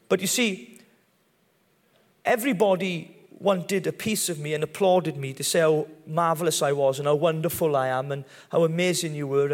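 A Welsh man in his thirties, telling his testimony as a preacher in a chatty, self-deprecating way with touches of humour. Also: on the high side. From Wales. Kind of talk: sermon testimony. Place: large church hall. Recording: long hall reverb.

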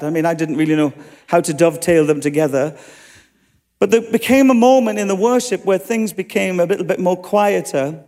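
A man preaching from the pulpit, telling personal stories with earnest conviction. His voice sits noticeably high for a man. The sound carries a long reverb, as in a large hall. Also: a little mellow. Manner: earnest, story-telling with quoted dialogue. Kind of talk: sermon storytelling.

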